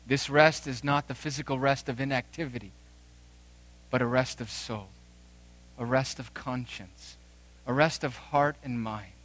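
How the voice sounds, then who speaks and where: A man in his thirties preaching a sermon as pastor, emphatic with dramatic pauses and rising swells. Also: mid-range voice, a bit bright.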